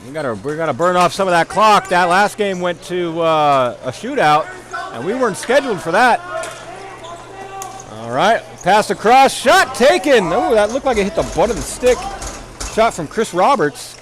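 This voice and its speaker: A man calling play-by-play for a ball hockey game, rambling into self-deprecating asides between plays and shouting on goals. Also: high-pitched, normal speed. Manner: excited calls on goals. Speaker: play-by-play commentator.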